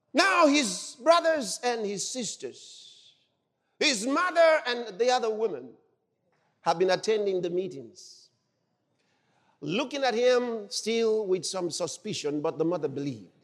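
Exuberant shouting preacher in a big hall. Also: male voice, sits high. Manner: exuberant, shouting exclamations, dramatic storytelling. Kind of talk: sermon.

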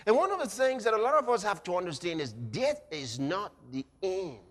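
A man preaching a sermon, swinging between hushed passages and shouting. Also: sits high, big pitch swings, fairly quick. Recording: reverberant hall.

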